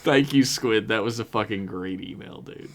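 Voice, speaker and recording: A man's voice: on the low side, normal speed, a little hiss or hum. A man co-hosting a podcast, reading a listener's email aloud in casual chat, wry and cursing freely. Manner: wry, swears casually, reads with mock drama. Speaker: podcast co-host.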